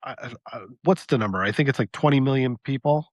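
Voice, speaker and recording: Losing his voice, a podcast co-host talks fast in a mid-range voice, with no room sound on the recording. In a casual debate he thinks aloud and lays out a policy plan step by step.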